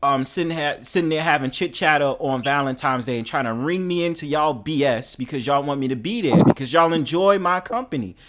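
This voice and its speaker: A man's voice: on the high side, a little fast, few pauses, fairly bright tone. A man with a Southern accent hosting a livestream, bantering and talking over his guest defensively.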